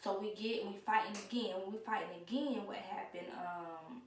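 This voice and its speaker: A young woman, casually telling a story and loudly acting out the people she quotes. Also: medium pitch, normal speed, recorded from a distance. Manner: animated, acts out quoted voices loudly. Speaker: vlogger. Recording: echoey room, away from the mic, faint noise.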